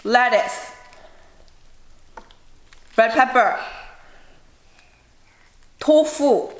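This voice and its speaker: A woman's voice: a little high, extremely slow, echoey room, slight background noise. A woman chatting casually while making food at home for a mukbang vlog, rambling and joking to herself. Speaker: food vlogger. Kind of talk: casual mukbang cooking chat. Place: home kitchen.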